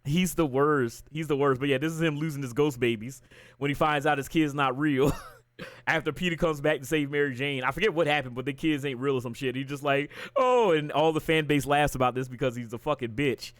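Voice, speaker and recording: A man's voice: mid-range voice, fairly quick, dry recording, studio quality. A man livestreaming and chatting casually, ranting with lots of swearing while retelling a story. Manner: profane, ranting, animated storytelling. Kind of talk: casual chat.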